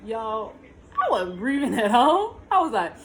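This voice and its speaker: A young woman telling her own story to camera in a casual vlog, talking straight to her viewers and jumping high in pitch when she relives tense moments. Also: very animated, unhurried, a little hiss or hum, low-quality recording. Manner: talks to viewers directly, shushing her child between lines.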